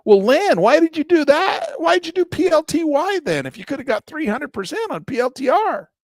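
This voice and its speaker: A man putting on the voice of an incredulous questioner who pipes up in a squeaky, disbelieving tone. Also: sing-song, a little fast, no room sound, studio quality, exaggerated voice.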